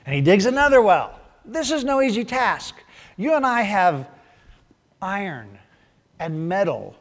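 A man preaching a sermon, telling the story in an animated way that swings from loud bursts to hushed asides. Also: on the high side. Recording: long hall reverb.

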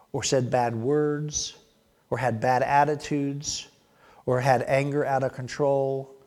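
A man preaching a sermon, animated, rising loud on emphasis and dropping to hushed asides. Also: medium pitch. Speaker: pastor.

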